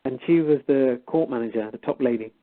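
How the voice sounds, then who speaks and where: A man's voice: mid-range voice, a little fast, noisy background. A man casually telling a story and quoting both sides of a conversation. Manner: animated retelling, quoting both sides of a dialogue. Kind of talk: casual storytelling on a call-in show. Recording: phone-line audio.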